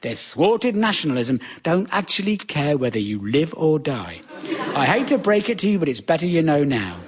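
A man's voice: on the high side, big pitch swings, normal speed. A wry British man doing a sardonic stand-up comedy monologue in a conversational manner. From Britain.

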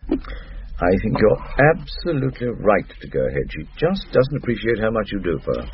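A man's voice: fairly low pitch, huge pitch swings, moderate pace, lo-fi sound, a little hiss or hum. An actor playing an assured, wry male friend giving persuasive advice in a radio sitcom.

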